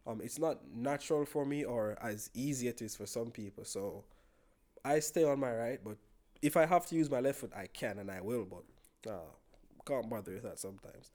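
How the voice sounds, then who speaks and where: A young Jamaican man talking on a podcast in a relaxed, rambling way. His pitch sits in the middle, and he often stumbles over and repeats words as he gathers his thoughts. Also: moderate pace. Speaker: podcast guest. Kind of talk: casual chat.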